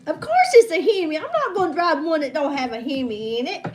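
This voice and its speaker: A woman's voice: high-pitched, animated, brisk, a little mellow. A woman in her fifties hosting a trivia livestream, chatting in a folksy way and greeting viewers by name, calling them hon and honey. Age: 50s.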